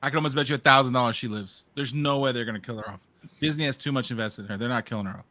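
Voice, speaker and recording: A man's voice: mid-range voice, very fast, bright, forceful tone, dry recording. A man co-hosting a casual review chat, laughing and acting out characters' lines as he talks. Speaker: podcast co-host.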